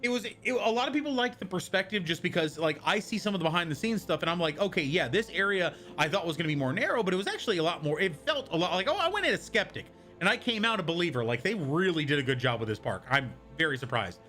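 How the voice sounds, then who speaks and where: A man's voice: sits high, lively intonation, quick pace, hardly any pauses, sharp tone. A young man chatting casually on a live stream, rambling and answering viewers from chat as he goes.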